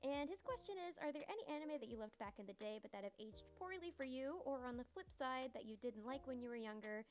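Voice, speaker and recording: A woman's voice: sits high, expressive, fast, hardly any pauses, soft background music. A woman hosting her own videos, speaking earnestly and encouragingly, feeling subdued and groggy after a booster shot. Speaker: video essay host. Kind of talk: scripted video outro, then casual chat.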